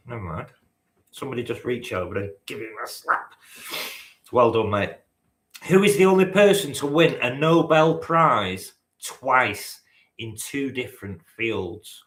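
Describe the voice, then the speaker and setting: A man's voice: medium pitch, a bit bright. A man hosting a live-stream quiz, bantering with the chat, teasing and swearing casually. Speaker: quiz host. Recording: roomy echo.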